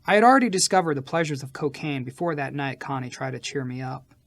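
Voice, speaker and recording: A man reading a first-person memoir as an audiobook narrator, animated, with sharp swings in loudness from line to line. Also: medium pitch, quick pace.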